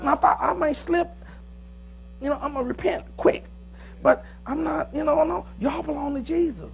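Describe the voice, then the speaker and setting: A pastor preaching a sermon in a joking, lively manner, with sudden loud, high bursts. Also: male voice, normal speed, gravelly, a little hiss or hum. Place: church.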